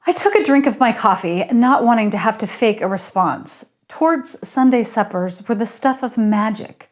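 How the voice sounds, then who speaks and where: A woman, the author, reading her story aloud in steady first-person narration. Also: a little high, moderate pace, few pauses.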